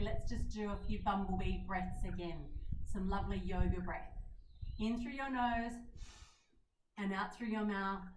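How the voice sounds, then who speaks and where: A woman leading a children's yoga lesson in a gentle, coaxing way, asking the kids questions as she guides them. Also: medium pitch, a little hiss or hum. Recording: roomy sound from a distant mic.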